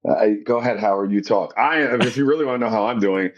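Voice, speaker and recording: A man's voice: on the low side, quick pace, lo-fi sound. A tired man co-hosting a sports podcast over a video call, laid-back and blunt, with casual swearing. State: sleepy, struggling to stay awake. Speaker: podcast co-host. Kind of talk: casual chat.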